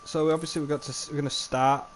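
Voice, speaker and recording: A man's voice: a little high, fast. Young guy streaming, chatty and sweary, yelps when stuff goes wrong, faint hum behind. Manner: chatty, swears often, bursts into excited outbursts. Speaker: livestreamer. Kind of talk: live gameplay commentary.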